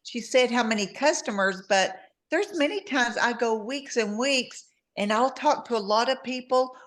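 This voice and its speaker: Southern-drawling woman telling stories. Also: a little high. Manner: chatty storytelling, easy laughs. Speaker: guest distributor. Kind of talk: casual video-call chat.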